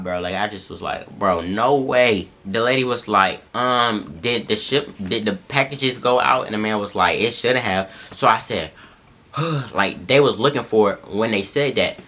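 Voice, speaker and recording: A young man casually telling a story to viewers, animated and full of slang. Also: lowish voice, unhurried. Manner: animated slangy retelling, addresses viewers as y'all and bro.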